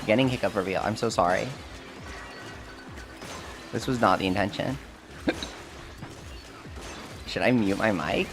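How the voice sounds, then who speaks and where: A man streams a game live over music, his fairly low voice moving at a measured pace with long pauses. Despite the hiccups, he chats casually with his viewers, answers their questions and makes fun of himself.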